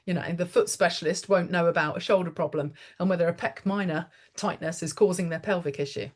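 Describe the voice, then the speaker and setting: A woman's voice: fairly low pitch, fairly quick. A woman pain therapist chatting in a webinar over a video call, explaining body mechanics and telling stories from her practice. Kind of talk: casual webinar chat.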